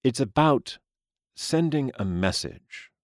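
A man voicing Mister Lee, an aging, smooth-spoken crime boss with a calm, formal, measured manner. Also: mid-range voice, no echo, clean studio sound, voice pushed up.

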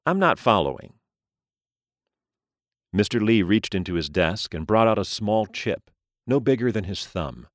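A man reading a story aloud as narrator, in a slow, expressive style. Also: on the low side, no room sound, clean studio sound.

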